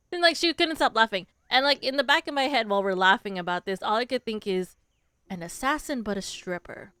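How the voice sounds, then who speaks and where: A woman's voice: a little high, fairly quick, pushed and bright, clear, resonant tone, no echo. A young woman chatting to her stream viewers while gaming, telling a story with lots of fillers and restarts.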